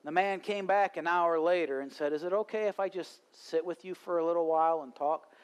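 A man's voice: fairly high pitch, a little fast, clean tone. A male pastor preaching at a live church service, telling a story and rising to fervent preaching. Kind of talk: sermon.

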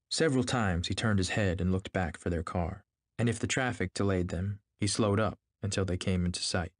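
Male reader, lowish voice, measured novel reading, dry mic. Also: no room sound.

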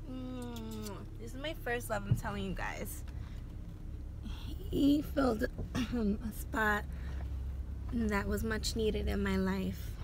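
A woman's voice: medium pitch, background noise. A woman chatting casually to camera in a vlog, gushing over her dog, recorded on a phone in a car and outside. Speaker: vlogger. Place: in a car and outdoors.

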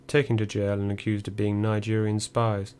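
Low flat-voiced male audiobook narrator. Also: normal speed, smooth. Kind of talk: first-person memoir reading.

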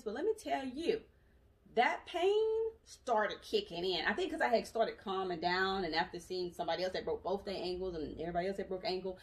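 Brief: young adult woman, chatty storytelling vlogger, recorded a little far from the mic. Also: medium pitch. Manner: chatty, animated, with frequent asides and laughs. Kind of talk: casual storytelling vlog. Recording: voice distant from the mic.

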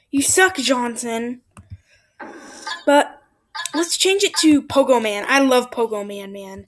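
High-pitched excitable gamer woman. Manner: excitable, yelps and frequent whispered asides. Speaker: gameplay commentator. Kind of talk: let's play commentary.

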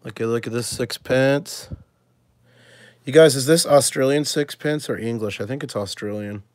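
A man of ordinary pitch talks casually to his viewers while he sorts through a pile of coins, thinking aloud and breaking into excited exclamations. His voice sits close and dry, with no room sound around it. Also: normal speed, dry recording. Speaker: coin collecting channel host. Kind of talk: casual live coin sorting chat.

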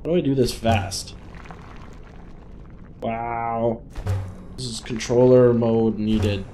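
A man's voice: medium pitch, steady tone, moderate pace, mellow, slight background noise. A man hosting a gaming channel, thinking aloud in chatty let's play commentary as he plays.

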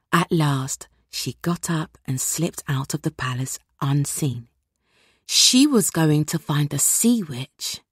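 Slow, breathy woman narrating a storybook. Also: deep voice, darkish tone, no room sound, studio quality. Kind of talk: scripted read-along narration.

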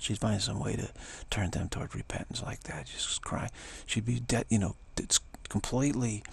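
Husky raspy guy rambling thru a spiritual story, kinda low voice. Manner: meandering, conversational. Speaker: spiritual teacher.

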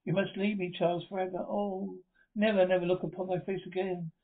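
A terrified, despairing young woman begging her beloved to leave her, voiced plainly by a high-voiced man. The sound is thin and phone-like. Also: level tone, a little fast. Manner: despairing, pleading. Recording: tinny phone-like audio.

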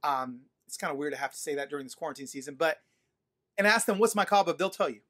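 A man preaching a sermon to an online congregation, telling stories in a playful, animated way and speaking straight to his listeners. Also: fairly high pitch, fast. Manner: animated, playful, addresses audience directly. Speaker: pastor. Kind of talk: sermon storytelling. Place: livestream during quarantine.

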